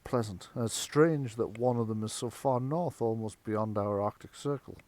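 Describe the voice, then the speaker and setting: A man's voice: on the low side, normal speed, a little mellow, natural voice. A man voicing a courteous noble lady. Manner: formal, courteous, hesitant. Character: gracious noblewoman, wife of the tower's master.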